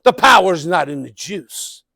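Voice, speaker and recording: A middle-aged man giving a live motivational keynote speech, animated, calling out to the crowd and breaking into shouts. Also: sits high, unhurried, no room sound. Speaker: motivational speaker. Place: conference event room.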